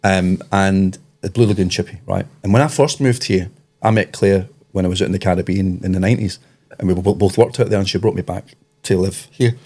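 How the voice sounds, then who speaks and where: A middle-aged Scottish man co-hosting a podcast in casual chat, spinning animated, rambling anecdotes. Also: deep voice, a little fast. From Scotland. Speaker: podcast co-host.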